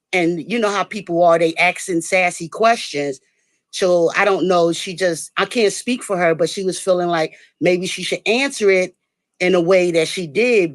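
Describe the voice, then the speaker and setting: A woman's voice: lowish voice, dry recording, studio quality. A woman calling into a livestream, nervous, earnest and apologetic. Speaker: caller. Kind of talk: casual livestream chat.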